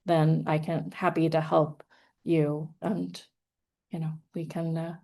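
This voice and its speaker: A chatty woman guest speaker with a lowish voice and a gravelly edge. She talks casually and sounds self-amused, laughing between her thoughts as she gives an online presentation. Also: flat delivery, slow, mellow. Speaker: guest speaker, hypnotherapist and author.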